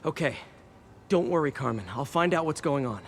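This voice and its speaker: A man's voice: a little high, lively intonation, slight background noise. An actor playing a young masked superhero who jokes as he works, in a video game. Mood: focused. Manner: quick, wisecracking. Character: young male masked superhero, joking and upbeat. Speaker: game character. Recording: game audio under loud music.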